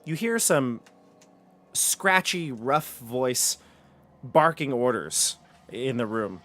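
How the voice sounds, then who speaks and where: A man's voice: mid-range voice, lively intonation, slow pace, pushed and bright. A man narrating as game master in a chatty, self-correcting way.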